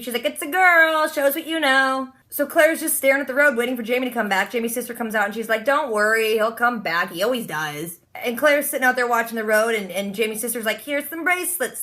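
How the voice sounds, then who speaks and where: A woman vlogger casually recapping a TV episode, gushing and jokey, slipping into quick character voices. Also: on the high side, sharp tone.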